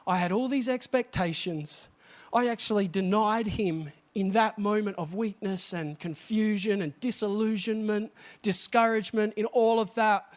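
A man's voice: high voice, normal speed, natural voice. A man preaching, voicing a confused, guilt-ridden grown disciple in an anxious rambling inner monologue.

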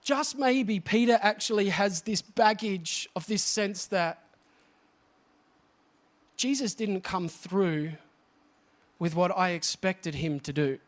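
Guy with a really high voice preaching, keeps asking the crowd stuff. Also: takes it slowly, pauses often. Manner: animated, asks the congregation questions. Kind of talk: sermon.

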